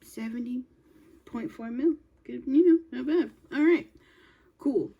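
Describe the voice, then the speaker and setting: A woman's voice: high-pitched, unhurried, vocal fry, husky, muffled recording. A young woman chatting to herself while reacting to a music video, sometimes dropping into whispers. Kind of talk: casual reaction commentary.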